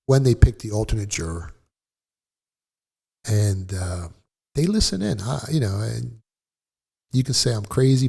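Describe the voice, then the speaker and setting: Appearing casually as an interview guest, a middle-aged man recounts his story bluntly and profanely, swearing constantly and retelling events vividly. His voice is low and husky with a dark tone.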